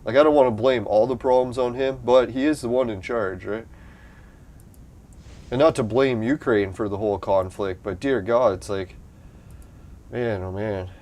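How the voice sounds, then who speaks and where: A man's voice: mid-range voice, normal speed, long pauses, darkish tone. A young adult man from Canada, chatting casually and profanely on a live stream, rambling and laughing often.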